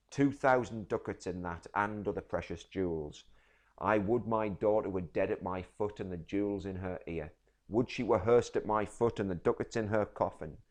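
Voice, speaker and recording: A deep-voiced man reading as a bitter, grieving older moneylender, loud and impassioned as he rails over his losses. The voice sits low and heavy, pushing hard on each complaint. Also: natural voice.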